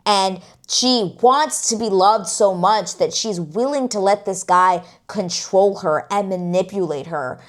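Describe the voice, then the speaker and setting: A woman's voice: medium pitch, moderate pace, hardly any pauses. A woman giving a casual, outspoken review of a TV series on her vlog, talking emphatically with lots of "like" and the odd swear word.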